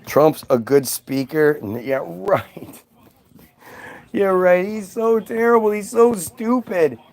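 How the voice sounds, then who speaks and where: High-voiced man ranting sarcastically. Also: takes it slowly, darkish tone. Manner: profane, sarcastic, exasperated. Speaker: vlogger. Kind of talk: casual ranting monologue.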